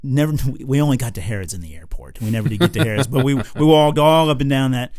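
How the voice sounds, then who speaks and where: In a clean studio recording with no echo, an American man co-hosts a podcast. His mid-range, slightly mellow voice is animated and fast as he rambles through a travel story, full of fillers and false starts.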